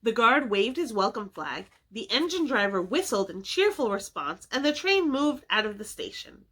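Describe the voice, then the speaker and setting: A woman's voice: fairly high pitch, normal speed, breathy edge. A woman reading a classic children's story aloud expressively for a library. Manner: expressive, animated. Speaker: children's book reader.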